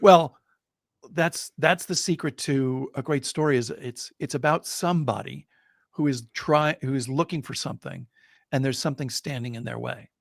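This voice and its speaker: A middle-aged man, a guest in a casual interview, telling an anecdote in an animated way and building suspense. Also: medium pitch, moderate pace, vocal fry, no echo, clean studio sound. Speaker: guest storyteller.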